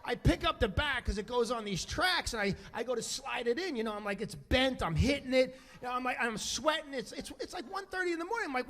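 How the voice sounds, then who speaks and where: High-pitched, lively stand-up comedian. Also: male voice, fast, hardly any pauses. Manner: animated, profane, acts out voices. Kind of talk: stand-up storytelling. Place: comedy stage before an audience.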